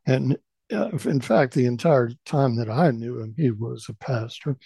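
A man's voice: mid-range voice, a little slow, creaky, dark tone, breathy edge, dry recording. A middle-aged man telling a humorous personal story and acting out the voices in it. He also serves as a part-time host of the show. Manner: playful, acts out voices in his tale.

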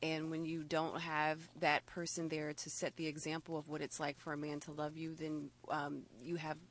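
A woman's voice: sits low, completely flat delivery, moderate pace, a little hiss or hum. A woman chatting as a guest on a talk show, hesitant and restarting her sentences. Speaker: guest, former on-air talent. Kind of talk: casual talk show chat.

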